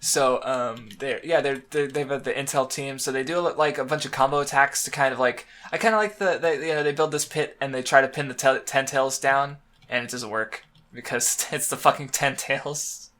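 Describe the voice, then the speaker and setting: A man's voice: medium pitch, steady tone, moderate pace, few pauses, a bit bright. A young man co-hosting a casual manga podcast, rambling with many fillers and restarts. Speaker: podcast co-host.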